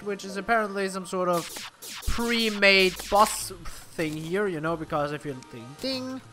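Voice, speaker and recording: High, bright-voiced young man gaming. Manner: rambling, swears freely, many restarts and fillers. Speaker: gameplay commentator. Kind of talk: casual game commentary.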